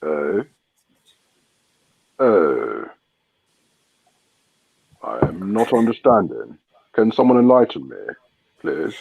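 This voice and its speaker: A man voicing a prim, fussy upper-class English lady who speaks slowly and plummy, on dull lo-fi audio. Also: lowish voice, sing-song, creaky, slight background noise, heavily acted. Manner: slow, plummy, drawn-out.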